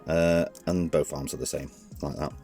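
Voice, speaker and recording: A man with a very low, deep voice talks through a hands-on toy review in a loose, rambling way, often correcting himself mid-sentence. Faint music plays underneath. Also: fairly even intonation, normal speed, mellow. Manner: chatty, rambling, self-correcting.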